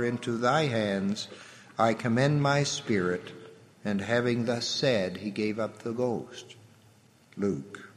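A man giving a solemn, measured scripture reading, letting his voice drop at the ends of phrases. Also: medium pitch. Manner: measured, reverent delivery with the voice dropping at phrase ends. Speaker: scripture reader. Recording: long hall reverb.

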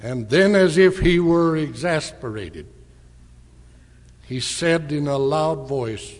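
A man giving a storytelling address at church, slowly and deliberately retelling a conversation. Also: fairly high pitch, animated. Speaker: church speaker. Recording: long hall reverb.

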